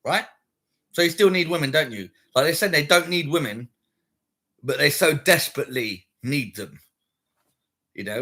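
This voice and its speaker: Young man, casual chat, blunt, sweary, lively pitch, slightly high voice. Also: moderate pace, pauses often. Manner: blunt and sweary, animated, quoting others in put-on voices.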